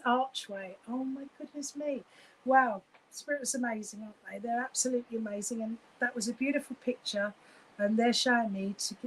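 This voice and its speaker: A woman's voice: medium pitch, slight background noise, rough recording. A woman giving live psychic readings, gushing and effusive, with many fillers and restarts.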